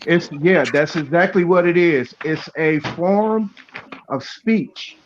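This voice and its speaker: A high-voiced man explains in a very slow, deliberate way. His audio is dull and lo-fi, with faint background noise. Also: animated. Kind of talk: casual chat.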